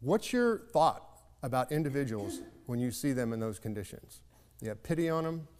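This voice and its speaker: A man's voice: mid-range voice, animated, normal speed, a little mellow, long reverb tail. A man giving a sermon, telling a folksy story in a reflective, conversational way. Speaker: preacher.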